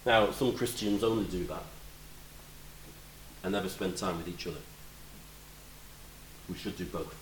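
A man preaching a sermon, animated, moving between loud emphatic lines and quiet, reflective asides. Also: low-pitched, measured pace, pauses often, echoey room, slight background noise, poor audio.

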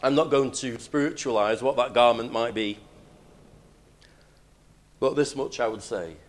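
A man preaching a sermon, emphatic, moving between loud declarations and hushed lines. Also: mid-range voice, measured pace.

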